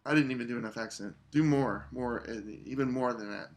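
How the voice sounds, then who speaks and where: A man coaching an English horn player in a masterclass, relaxed, singing phrases to show the rhythm. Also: medium pitch, a little fast, faint music behind. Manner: relaxed, sings phrases to demonstrate. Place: online video masterclass.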